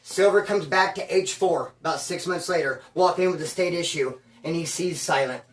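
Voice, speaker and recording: A man who served time telling prison stories in a casual, slangy, animated streetwise way. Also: on the high side, moderate pace, recorded from a distance. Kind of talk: casual storytelling. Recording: roomy sound from away from the mic.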